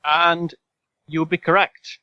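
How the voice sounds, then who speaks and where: A man's voice: fairly high pitch, flat delivery, a little slow, very noisy. A man co-hosting a casual podcast, running a quiz with dry sarcasm and rambling asides. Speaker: podcast co-host and quizmaster. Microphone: video call. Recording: slightly dull call audio.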